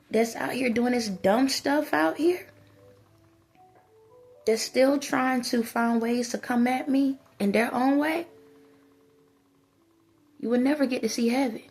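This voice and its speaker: A woman's voice: a little high, vocal fry, darkish tone, slightly rough. A woman giving a preachy monologue to her viewers as a spiritual advisor, scolding them with emphatic repetition.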